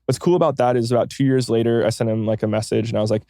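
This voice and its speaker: A man's voice: mid-range voice, fairly even intonation, dark tone, no room sound, clean studio sound. A man, a podcast consultant, talking as a guest in a casual interview, swearing freely and acting out bits of conversation. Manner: fast, swears casually, acts out quoted dialogue.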